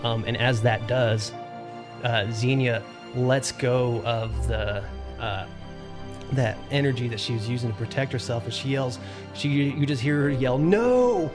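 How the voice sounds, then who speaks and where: A man leads a tabletop game as game master, narrating scenes in a steady, monotone voice with little rise and fall. He fills pauses with "uh" and "um" as he paints the action. Soft music plays faintly in the background. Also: mid-range voice. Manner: steady descriptive narration with frequent fillers.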